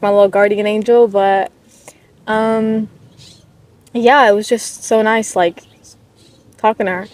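A young woman in her late teens, talking casually and softly to the camera at a park, rambling with lots of "like"s and getting emotional. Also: mid-range voice, dry recording. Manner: soft-spoken, rambling, emotional, many "like"s. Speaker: vlogger. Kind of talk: casual chat. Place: outdoors at a park. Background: dogs barking at times.

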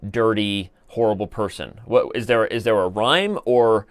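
A man's voice: on the low side, measured pace, dry recording. A man in his thirties hosting a live stream, chatting casually and joking while he reads viewer comments aloud. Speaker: chess streamer host.

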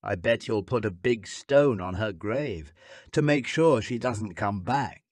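A man's voice: lowish voice, lively intonation, a little slow, darkish tone, dry recording, clean studio sound. A man reading an audiobook, voicing a bitter, furious middle-aged woman nurse who accuses and scolds. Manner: accusing, scornful, raising her voice.

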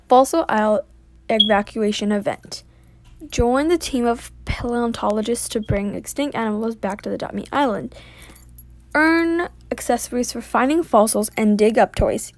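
A female gaming YouTuber giving casual gameplay commentary, excitable and gushing, full of exclamations and reading game text aloud. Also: on the high side.

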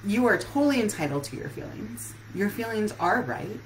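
A woman's voice: mid-range voice, animated, moderate pace, a little hiss or hum, poor audio. A woman relationship coach giving an earnest live-streamed talk that puts many questions straight to her listeners.

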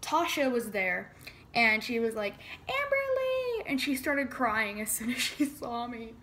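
Teen girl telling a storytime to camera, says like a lot, kinda high voice, bit of background hum. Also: a little slow, sharp tone. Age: teens. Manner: chatty, says "like" a lot, dramatic retelling. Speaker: vlogger. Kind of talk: casual storytime vlog.

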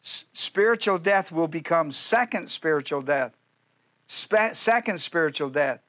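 A male pastor preaching a sermon in a folksy, joking way, full of quick asides and playful jabs at his listeners. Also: a little high, expressive, a bit bright.

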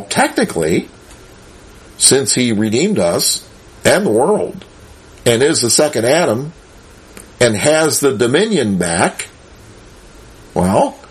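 Husky-voiced man teaching the Bible. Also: medium pitch. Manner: chuckles often, asks the listeners rhetorical questions.

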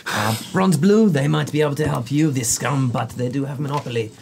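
A man voicing a gruff, heavyset male blacksmith in a thick put-on accent with broken phrasing, in a tabletop game. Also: medium pitch, fairly quick, a little mellow, slight background noise, lightly acted. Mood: haggling.

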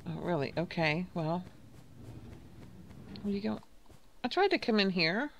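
A woman's voice: fairly low pitch, very animated, measured pace, creaky, noisy background. A woman casually talking through her gameplay, thinking aloud and reading out game text. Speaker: gaming video host.

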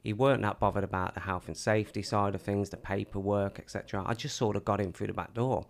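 Gravelly low-voiced man telling a story. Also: fast. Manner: animated storyteller acting out quoted dialogue. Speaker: podcast host telling his story. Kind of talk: casual storytelling.

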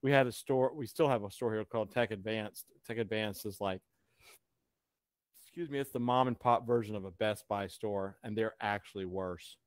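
A man's voice: on the low side, moderate pace, no room sound, studio quality. A man hosting a casual live chat, rambling and sarcastic. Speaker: host.

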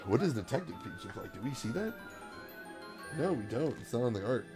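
A man's voice: mid-range voice, very animated, normal speed. A man hosting a let's-play, chatting casually, reading game text aloud and riffing on it with laughs. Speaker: gaming channel host. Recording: game music playing under the voice. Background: video game music.

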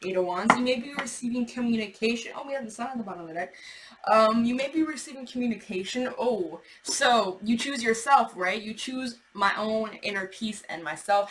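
A woman's voice: fairly high pitch, normal speed, slight background noise, rough recording. Chatty woman reading tarot cards. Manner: chatty, animated, swearing, acting out imagined replies. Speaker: tarot reader.

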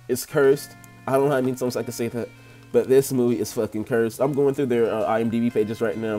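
A man's voice: mid-range voice, warm tone. A young man reviewing a movie in a casual, rambling rant, swearing and laughing as he goes.

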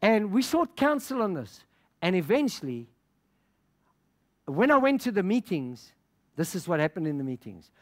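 High-voiced, lively middle-aged male preacher. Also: normal speed, pauses often. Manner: passionate storytelling with laughter and quoted dialogue. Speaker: pastor. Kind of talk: sermon.

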